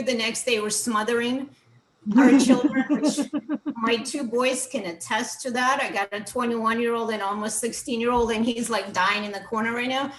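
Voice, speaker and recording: A woman in her forties from Russia, an author telling comedic stories on a video call, animated and laughing often. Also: on the high side. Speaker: author and comedy show guest. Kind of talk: comedic storytelling. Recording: echoey room with faint noise.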